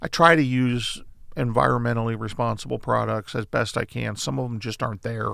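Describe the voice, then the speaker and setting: A middle-aged man speaks as a podcast guest and tells rambling stories in a relaxed way. His voice has a gravelly fry, and the sound is dry and close to the mic. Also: medium pitch, brisk, no room sound. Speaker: guest, coffee shop owner. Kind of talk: casual chat.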